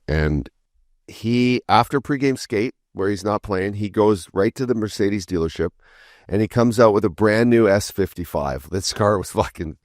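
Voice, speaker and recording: A man's voice: sits low, no room sound, studio quality. A man co-hosting a hockey podcast, telling laid-back, profane stories about former teammates. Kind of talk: casual chat.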